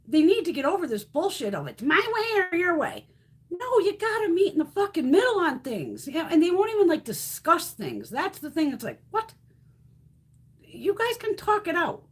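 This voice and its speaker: A woman's voice: extremely high pitch, huge pitch swings, moderate pace. A woman hosting a casual live stream, ranting bluntly and profanely, reacting to chat comments as she goes. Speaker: beauty livestream host.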